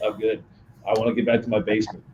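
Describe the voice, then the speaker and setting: A man's voice: lowish voice, flat delivery, fast talker, echoey room, muffled recording, crowd noise, natural voice. A man voicing a nervous, pasty young man who pleads not to be shot, in a tabletop game. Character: pasty nervous young man, basement-dwelling tech helper.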